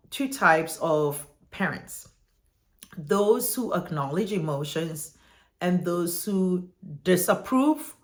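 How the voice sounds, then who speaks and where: A parenting educator teaching parents in a talk, checking in with listeners and asking them to look back at their own childhood. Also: medium pitch. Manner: checks in with listeners with "right?" after points; asks listeners reflective questions.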